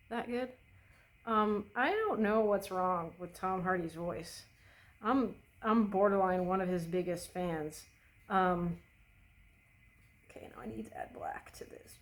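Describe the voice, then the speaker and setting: A woman's voice: medium pitch, low-quality recording. Chatty, foul-mouthed young woman vlogger. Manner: swears freely, chatty and opinionated; rambling with many fillers and restarts. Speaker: beauty vlogger. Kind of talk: casual chat while doing makeup.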